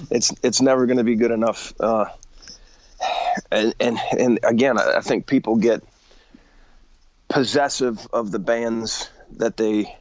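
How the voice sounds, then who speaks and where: A man's voice: mid-range voice, fairly even intonation, unhurried, pauses often, no room sound, muffled recording. A male singer as an interview guest, talking earnestly and frankly, with stumbling restarts. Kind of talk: casual interview chat.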